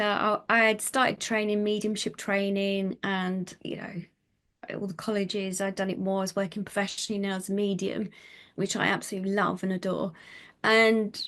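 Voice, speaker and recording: A middle-aged woman, a psychic medium telling her life story in an interview, animated and chatty with many fillers. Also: medium pitch. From United Kingdom.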